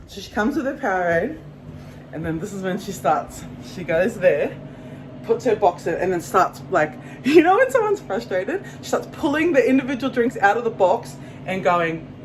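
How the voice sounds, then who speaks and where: A vlogger with a New Zealand accent tells a story to camera, casual, animated and profane, acting out the quotes. Her voice is mid-range and her pace moderate. The recording is low quality, with slight background noise.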